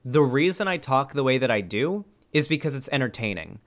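Reading comments from viewers out loud, this young man talks fairly quickly in a mid-range voice. He's casual and animated, answering with sarcasm and plenty of swearing.

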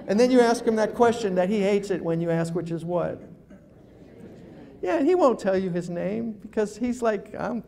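A man's voice: high voice, animated, normal speed, vocal fry, warm tone, slight background noise. A man giving a humorous talk to a live audience as a guest speaker, telling stories and acting out phone calls.

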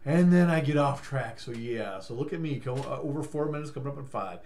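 A man's voice: medium pitch, fairly quick, few pauses, darkish tone. A tired man vlogging in a rambling, stammering way, breaking into silly sing-song riffs. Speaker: life coach vlogger. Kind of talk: rambling casual vlog.

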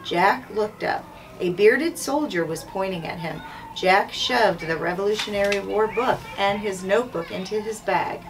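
A woman school principal reading a children's chapter book aloud in a clear, measured way. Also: mid-range voice. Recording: distant mic, faint background noise.

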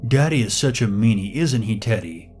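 A man's voice: on the low side, expressive, normal speed, a little mellow, faint music behind, close to an everyday voice. A man voicing a grown man who acts like a needy child, whining and pleading in a raised voice. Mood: whiny pleading. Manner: whiny, pleading.

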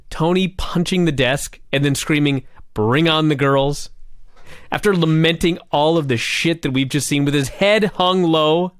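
A man co-hosting a casual chat, animated and swearing, laughing often as he recaps events. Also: on the high side, unhurried, clear, resonant tone, no echo, studio quality. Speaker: podcast co-host.

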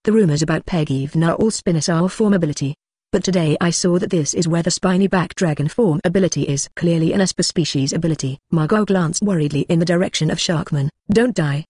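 A synthetic-sounding narrator reading a translated fantasy novel in a steady, even manner without fillers. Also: medium pitch, slightly rough, no echo, studio quality. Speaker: audiobook narrator.

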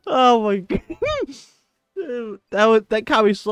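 Giggling gaming host, lively pitch. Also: very slow, pauses often, clean tone, no room sound. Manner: keeps breaking into laughter, exclaiming; casual, swears, says "dude". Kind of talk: casual gameplay commentary.

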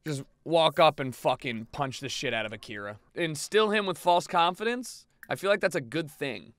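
A young man giving casual, profane commentary over a life-sim game, often yelling at what happens on screen. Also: a little high, normal speed, no room sound. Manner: profane, excitable, yells at the game. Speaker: gaming YouTuber.

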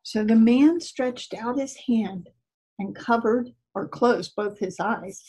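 A woman reading a rhyming story aloud at a church service, slow and expressive. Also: fairly high pitch, husky, poor audio.

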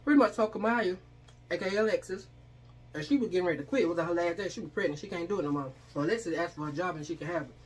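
A woman's voice: lowish voice, rapid-fire, hardly any pauses, breathy edge. Chatty woman telling a story while eating. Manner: chatty, acts out quoted voices, eating while talking. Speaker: vlogger. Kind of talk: casual storytelling mukbang.

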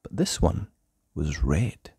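A storyteller reading a children's picture book aloud in an expressive, sing-song way. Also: low-pitched, slow, vocal fry, husky, no echo, clean studio sound.

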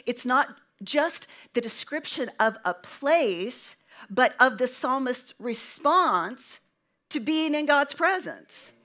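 A woman preaching a sermon with a slow, emphatic delivery and dramatic pauses, inviting the congregation to respond. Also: sits high, animated, sharp tone.

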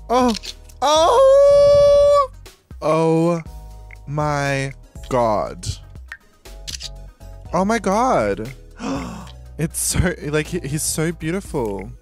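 A man as a drag queen streamer, commenting casually on a life-sim game, gushing, gasping and squealing with delight and swearing freely. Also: medium pitch. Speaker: drag queen let's-play host.

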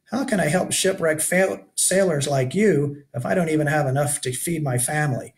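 A man's voice: on the high side, normal speed, lightly acted. A man reading aloud and voicing a weary, rugged older male keeper of a shipwreck shelter who talks in a folksy, lamenting way. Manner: folksy backwoods grammar, lamenting.

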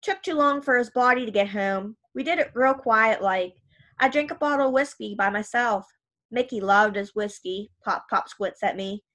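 A woman narrating an audiobook in an even, first-person storytelling manner. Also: on the high side, moderate pace.

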